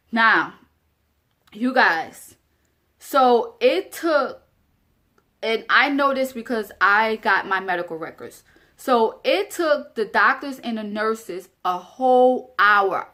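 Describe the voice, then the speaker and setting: A woman's voice: fairly high pitch, pushed and bright. Earnest young woman telling her story. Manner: earnest, addresses viewers directly, repeats phrases for emphasis. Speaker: vlogger. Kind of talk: casual storytelling to camera.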